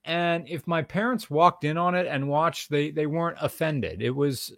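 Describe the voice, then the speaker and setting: A man's voice: a little high, moderate pace, a bit bright, no room sound, clean studio sound. A young man from Pennsylvania, co-hosting a live stream in casual, playful chat. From Pennsylvania, USA. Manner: playful, chatty, runs audience audio checks. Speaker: stream co-host.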